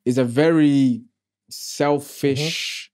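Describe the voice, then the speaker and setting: Reflective man with a mellow voice. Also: medium pitch, steady tone, very slow. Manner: reflective, preachy, street slang. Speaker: podcast host. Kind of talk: casual interview chat.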